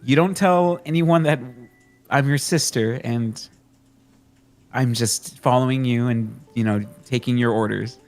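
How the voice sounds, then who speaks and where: A man playing in a tabletop game, speaking in a hesitant, halting way. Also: medium pitch, darkish tone, soft background music. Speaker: player. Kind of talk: casual tabletop play.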